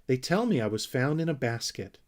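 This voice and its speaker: A man voicing a calm, slightly sad young wanderer with a soft, unhurried manner. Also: medium pitch, natural voice. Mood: gentle. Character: gentle wandering young male creature, calm and a little sad.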